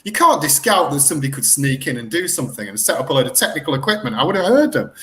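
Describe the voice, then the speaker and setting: A middle-aged man spins a story in an interview, his voice sitting a touch high and leaping up and down as he gets worked up. He talks in an excitable rush of half-finished phrases and self-corrections. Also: racing. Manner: animated, excitable retelling with lots of self-corrections. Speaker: guest researcher.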